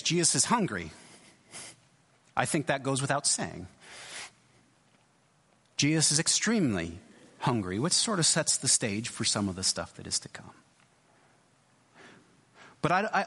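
A man delivers a sermon with a lively, rising and falling pitch, talking it through casually and restarting phrases as he thinks. His voice is a bit husky. It rings out with the long reverb of a large church. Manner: conversational, thinking aloud with frequent restarts. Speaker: pastor.

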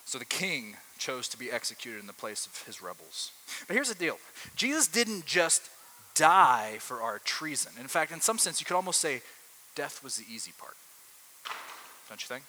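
A man's voice: medium pitch, big pitch swings, normal speed, bright, forceful tone, a little hiss or hum, low-quality recording. A man preaching a sermon to a room in a conversational way, often asking his listeners rhetorical questions.

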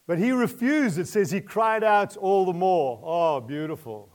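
Male preacher, sermon, expressive, rises to loud pleas, quiet asides, laughs lightly, asks the listeners questions. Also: high voice, normal speed.

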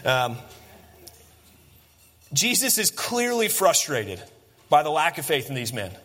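A man's voice: on the high side, big pitch swings, slow pace, fairly bright tone. A man preaching a sermon earnestly, repeating phrases for emphasis. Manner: earnest, repetitive emphasis with restarts. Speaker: pastor. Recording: long hall reverb.

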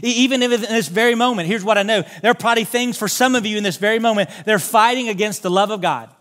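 High-voiced man preaching a sermon. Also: fast talker, a bit bright. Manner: earnest, direct appeals to the congregation. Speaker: pastor. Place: church sanctuary.

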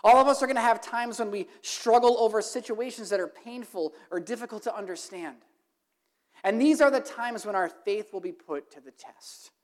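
A woman's voice: on the high side, normal speed. A woman preaching a sermon to her congregation, emphatic and building to impassioned, repeated questions. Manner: emphatic, rising to impassioned repetition.

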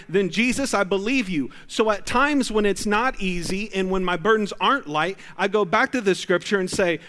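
A middle-aged male pastor preaching a sermon in a conversational, joking way, with sudden loud bursts. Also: high-pitched.

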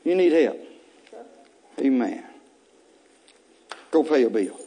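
A man's voice: mid-range voice, lively intonation, takes it slowly, mellow. A pastor preaching an Easter sermon. He repeats phrases to urge the congregation on and breaks in with casual, joking asides. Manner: repetitive, exhorting preaching with bursts of raised intensity.

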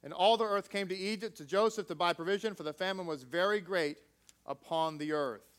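A male preacher with a fairly high, smooth and resonant voice reads a scripture passage and then preaches. He speaks conversationally to his congregation and throws in jokey asides. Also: fairly quick, a bit bright. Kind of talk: scripture reading and sermon.

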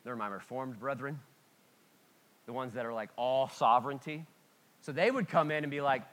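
A man preaching a conversational sermon as a pastor, candid and self-deprecating, with sudden swings between loud and quiet. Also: mid-range voice, normal speed, pauses often. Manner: lively, sudden swings in loudness.

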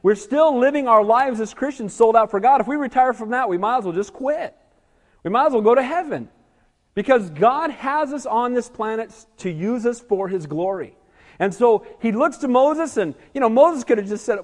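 A man's voice: very high voice, animated, moderate pace. A male pastor preaching an evening sermon, emphatic and calling for amens from the congregation. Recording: echoey hall reverb.

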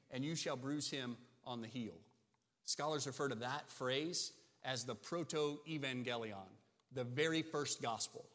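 Here a male pastor with a medium-pitched, slightly bright voice delivers an emphatic sermon to his congregation, often checking in with "right?". The church sanctuary setting gives the recording a long reverb.

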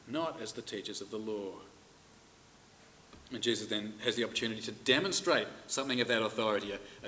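Man, middle-aged, preacher, conversational sermon, bright tone. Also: medium pitch, slight background noise. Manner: conversational preaching, reads scripture aloud with emphasis. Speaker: pastor.

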